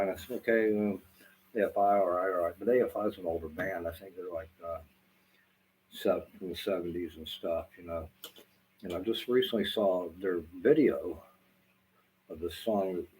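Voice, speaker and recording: A middle-aged Southern-accented man from Southwest Florida talks casually to the camera, wandering from point to point, cursing freely and leaning on fillers. His voice sits low and has a darkish tone. The recording is rough, with faint background noise.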